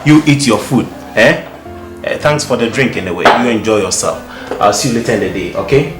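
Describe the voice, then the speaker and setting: Brief: a man as a relaxed, teasing father, lively pitch, roomy echo. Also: brisk, close to an everyday voice. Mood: reassuring. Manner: soothing, repeats himself, teasing. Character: easygoing middle-aged father, joking about women. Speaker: father consoling his son. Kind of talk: Ghanaian movie acting. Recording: echoey room with background music.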